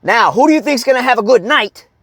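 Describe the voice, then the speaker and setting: Blunt, profane man coaching with a lively voice. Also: extremely high pitch, quick pace, dry recording, studio quality. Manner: blunt and swearing, with constant "right?" and "okay?" tags; acts out shouted angry outbursts. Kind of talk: profane motivational talk to men.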